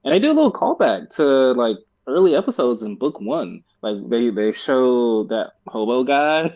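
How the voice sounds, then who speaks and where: A man's voice: mid-range voice, sing-song, normal speed, a little mellow, muffled recording. A man co-hosting a podcast in casual chat, rambling and often breaking into laughter. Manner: rambling, giggly storytelling. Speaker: podcast co-host.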